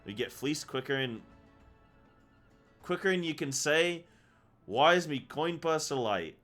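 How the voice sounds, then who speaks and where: A man voicing a gruff, brash old male tavern keeper, reading game dialogue aloud in a rough seafaring dialect. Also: on the high side, lively intonation, a little slow, a bit bright, faint music behind. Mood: hearty. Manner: reads quest text aloud in a put-on rough seafaring dialect.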